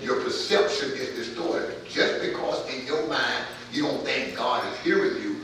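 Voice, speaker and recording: A man preaching a sermon as pastor, his voice swelling louder as he drives points home. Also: medium pitch, expressive, moderate pace, background noise. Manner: preaching with rising volume and calls of amen. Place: church sanctuary. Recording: distant mic in an echoey church hall.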